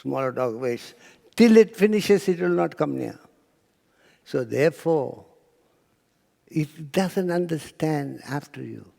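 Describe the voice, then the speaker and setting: A man gives a spiritual talk in a lecture hall, telling stories, acting out quotes, and sometimes sinking to a near-whisper. His fairly high voice is animated and warm, with vocal fry, a slow pace, frequent pauses, and a long reverb tail.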